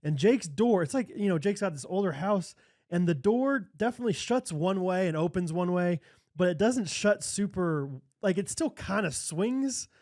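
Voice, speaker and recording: Midwestern podcast co-host, high voice, rambling and laugh-prone. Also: male voice, lively intonation, moderate pace, darkish tone. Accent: American Midwest. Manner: laughs often, rambling with many fillers. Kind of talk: casual chat.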